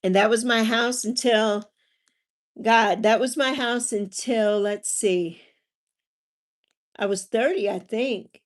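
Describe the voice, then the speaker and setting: Speaking slowly with frequent pauses in a voice on the high side, this Virgin Islands livestream host in her forties reads comments and chats warmly with viewers. She's chatty and tends to wander into personal stories about her family.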